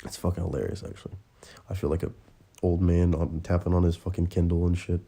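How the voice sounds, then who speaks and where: A man's voice: deep voice, little pitch movement, fast, gravelly, dark tone, husky. A man hosting a casual livestream, rambling and swearing freely and sometimes dropping to a whisper. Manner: rambling, profane, often drops to a whisper. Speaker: livestream host. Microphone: tablet or phone mic.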